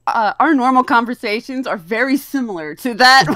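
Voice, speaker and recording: A woman's voice: sits high, very noisy. A woman co-hosting a live stream, talking bluntly and casually, with some swearing. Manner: blunt and profane. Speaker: co-host and parent.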